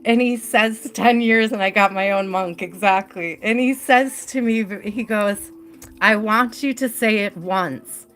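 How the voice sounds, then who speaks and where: A woman's voice: medium pitch, unhurried, a bit bright. A young adult woman hosting a live tarot stream, telling a personal story in a chatty way, laughing often and filling her talk with "like".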